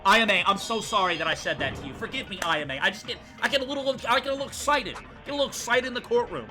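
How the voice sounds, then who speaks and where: A young man streaming a game, excitably ranting and swearing at the characters as he plays. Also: sits high, rapid-fire, few pauses, faint music behind. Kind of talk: live game playthrough commentary.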